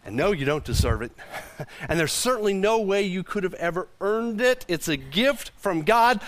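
Speaking at a normal speed with a high-pitched voice, this male pastor gives a sermon to his congregation. He keeps it animated and conversational, frequently repeating words along the way.

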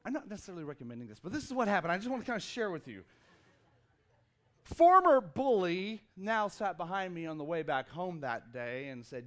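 A man pastor preaching a lively sermon with humor and a rhythmic, emphatic delivery on a stage mic in a church. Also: high-pitched, brisk. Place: church auditorium.

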